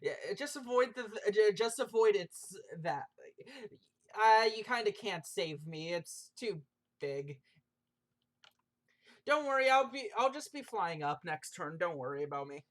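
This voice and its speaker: A woman playing a tabletop game in casual chat, quick and matter-of-fact, a little impatient. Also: mid-range voice, expressive. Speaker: player.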